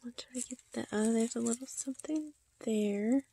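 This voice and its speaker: A woman's voice: a little high, moderate pace, creaky, dark tone, husky. A woman unboxing a reborn doll on her channel, talking in a cooing baby-talk way and giggling often. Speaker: reborn doll collector and vlogger. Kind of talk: casual unboxing chat.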